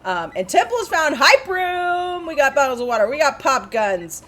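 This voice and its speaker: A woman doing casual live race commentary, chatty and quick to laugh. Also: high voice, sing-song, fairly bright tone.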